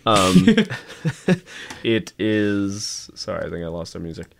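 A man's voice: deep voice, slow pace, vocal fry, a bit bright. A man co-hosting a casual podcast chat, rambling and searching for words, often laughing. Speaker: podcast co-host.

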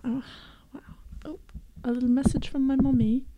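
A woman's voice: sits high, little pitch movement, normal speed, no echo, highs cut off. A young woman co-hosting a casual chat podcast, telling stories in a playful, chatty way. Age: young adult. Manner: storytelling, playful. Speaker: podcast co-host.

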